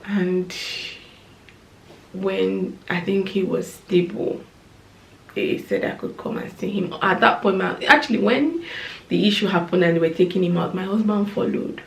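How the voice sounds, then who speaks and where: Female vlogger, slow, emotional storytelling, roomy sound. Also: medium pitch, gravelly, a little hiss or hum. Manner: emotional, slow, drops to soft whispers. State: tearful. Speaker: vlogger, new mother. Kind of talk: storytime vlog.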